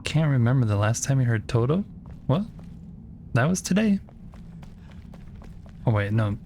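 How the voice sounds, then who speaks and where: Guy streaming a game, joking around and teasing the critters, mid-pitch voice, faint noise behind. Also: a little fast, dark tone. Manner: playful, teasing in-game creatures and chat. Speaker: livestreamer. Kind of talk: casual game commentary.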